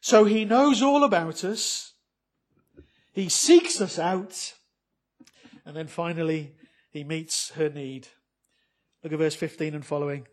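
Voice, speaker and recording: This male preacher addresses his flock with plenty of rhetorical questions, veering between booming emphasis and quiet softness. His voice leans high, and he takes his time, pausing often.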